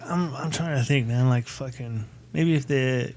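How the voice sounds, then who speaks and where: Chill middle-aged guy on a podcast, cusses casually, average pitch. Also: moderate pace, a little mellow. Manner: laid-back, casual, swearing. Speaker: podcast co-host. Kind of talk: casual chat.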